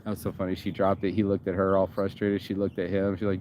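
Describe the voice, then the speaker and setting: A man's voice: deep voice, level tone, rapid-fire, hardly any pauses, dull audio, slight background noise. A man hosting a casual monologue, reacting to a video. He rambles, swears freely and stumbles over fillers and restarts.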